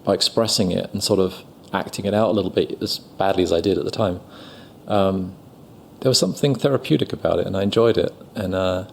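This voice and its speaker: A middle-aged man with a London accent talks casually in an interview. His voice sits low and a little gravelly. He rambles warmly through his own story, acting out the bits where he quotes people. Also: fairly quick, slight background noise. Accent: London English. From England. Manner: chatty, self-deprecating, lots of fillers and acted-out quotes. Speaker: guest actor.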